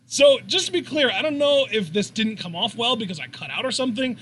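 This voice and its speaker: A man co-hosting a live wrestling reaction stream, animated and jokey, calling the moves as they happen. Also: a little fast, few pauses, slight background noise. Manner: animated, jokey, jumps up in pitch at big moves. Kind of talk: excited live commentary and banter.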